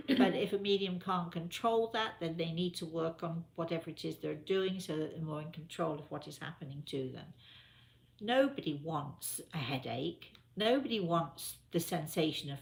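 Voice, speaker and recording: An older woman who works as a spiritual medium chats casually with viewers during a live question session, gently offering advice and often repeating herself. Her voice is fairly low, with some vocal fry.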